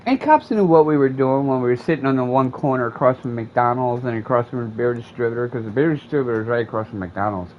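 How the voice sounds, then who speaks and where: A man's voice: medium pitch, quick pace, few pauses. Profane, rambling man, lo-fi mic. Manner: profane, rambling, animated storyteller. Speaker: gaming streamer. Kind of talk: casual storytelling while playing. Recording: dull lo-fi mic with faint air conditioning hum.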